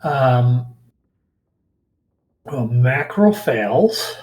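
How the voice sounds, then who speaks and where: A man's voice: medium pitch, lively intonation, very slow, darkish tone. A man running a tabletop game as game master, talking in a casual, matter-of-fact way.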